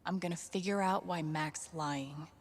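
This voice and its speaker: An actress voicing a dry, sardonic young woman in a video game, with a husky, gravelly voice. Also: on the low side, moderate pace, slight background noise, close to an everyday voice. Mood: wry.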